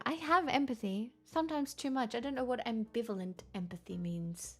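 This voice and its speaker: A young woman with a fairly high voice chats loosely through a livestream, bantering and laughing as she answers viewers. She sounds worn out. Soft music plays faintly underneath. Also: moderate pace. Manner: chatty and playful, laughs often. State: very tired. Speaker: livestream host. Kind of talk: casual chat reading viewer messages.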